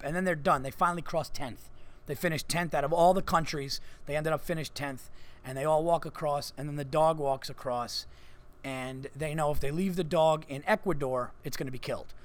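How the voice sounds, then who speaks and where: A man hosting a podcast, telling a long story in casual chat, swearing a lot and filling with "like". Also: on the high side. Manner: swears freely, lots of "like" fillers. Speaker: podcast host. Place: comedy club.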